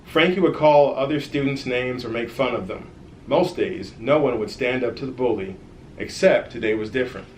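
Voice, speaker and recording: A man reading his own children's story aloud in a lively way, adding friendly asides to the kids who listen. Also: medium pitch, normal speed, roomy sound, slight background noise.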